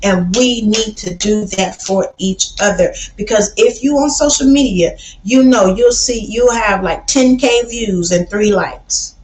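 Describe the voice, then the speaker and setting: Woman from Chicago, livestream host, blunt and preachy, mid pitch, roomy echo. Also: measured pace, few pauses, darkish tone. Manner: blunt, preachy, says baby a lot. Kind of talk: casual livestream talk.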